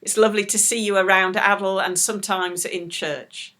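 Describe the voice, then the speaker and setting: A middle-aged woman leading a children's church talk, speaking slowly and gently to small children. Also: medium pitch. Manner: slow, animated, talks warmly to small children.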